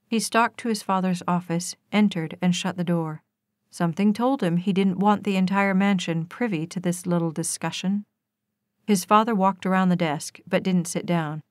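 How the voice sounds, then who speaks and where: A woman narrating a romance novel as an audiobook, with steady, expressive storytelling. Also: fairly low pitch, normal speed, no echo.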